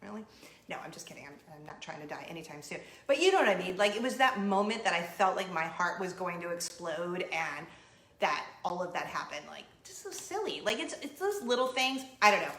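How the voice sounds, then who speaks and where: A woman in her forties hosting a casual vlog, telling giddy stories with animated acted-out quotes. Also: lowish voice, brisk, reverberant. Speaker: vlog host. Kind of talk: casual chat to camera. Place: home in Orlando.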